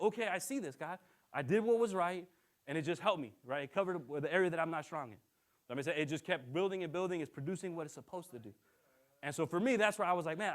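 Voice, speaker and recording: Fast, high-voiced young male minister. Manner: animated storytelling, acting out quoted voices, frequent "right?". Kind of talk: sermon with personal story.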